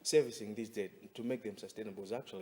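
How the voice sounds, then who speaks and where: A man hosting a business interview, making measured points and often murmuring agreement. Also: on the low side, steady tone, warm tone, husky, long reverb tail. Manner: frequent backchannel, measured prompting. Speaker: host. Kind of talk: studio interview.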